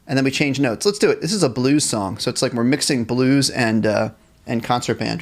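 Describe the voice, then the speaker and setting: This music teacher talks a little fast in a medium-pitched voice during his live-streamed band lesson, explaining how to handle the instrument, reading chat from viewers, and counting off rhythms for them to join in.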